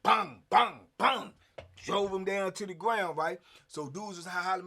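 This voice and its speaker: Animated high-voiced male storyteller. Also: fairly quick, slight background noise. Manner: animated, with sound effects and frequent fillers. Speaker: host. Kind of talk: casual storytelling.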